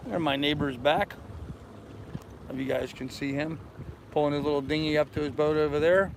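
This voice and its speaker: A man's voice: on the high side, fairly even intonation, moderate pace. An older man vlogging casually from his boat outdoors in a marina, rambling and greeting passing neighbors. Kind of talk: casual chat to camera. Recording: wind noise outdoors by the water.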